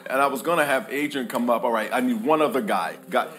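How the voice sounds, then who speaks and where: A man's voice: medium pitch, quick pace, fairly bright tone. A preacher man in his thirties or forties giving a playful sermon, joking with his congregation and calling for their responses. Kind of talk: lively sermon with audience call-and-response. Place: church hall with live congregation.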